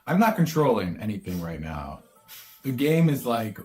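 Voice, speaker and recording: A man co-hosting a let's-play, thinking aloud in a relaxed way. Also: on the low side, moderate pace, faint music behind. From Canada. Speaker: co-host, gamer. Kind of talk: casual let's-play commentary.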